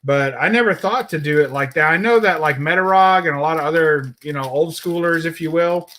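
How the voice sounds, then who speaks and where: A man's voice: a little high, bright, forceful tone. A man hosting a casual chat among collectors, agreeing often and adding his own views. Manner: chatty, quick agreeing interjections. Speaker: host.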